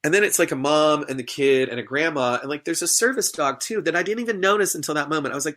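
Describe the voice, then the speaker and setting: A man with a bright, forceful voice tells an anecdote from the stage in a podcast interview. He talks animatedly and acts out the voices of the people in his story. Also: fairly high pitch, quick pace, few pauses. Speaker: guest, stage performer and MC.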